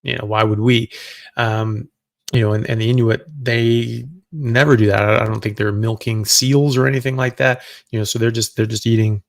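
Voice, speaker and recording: A man's voice: medium pitch, steady tone, normal speed, gravelly, dry recording. A middle-aged man, a doctor hosting a live Q&A, answering viewer questions in a loose, conversational way as he thinks aloud.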